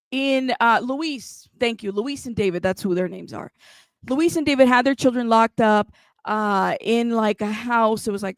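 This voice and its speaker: Host, woman, slightly high voice, breathless casual livestream chatter, dry close sound. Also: creaky, no room sound. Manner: chatty, breathless, thanks chat often. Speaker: true crime news livestream host.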